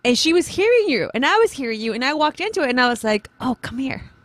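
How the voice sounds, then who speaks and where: A woman's voice: high voice, big pitch swings, quick pace, fairly bright tone, no echo. A woman co-hosting a podcast, teasing her friend in a playful casual chat. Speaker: podcast co-host.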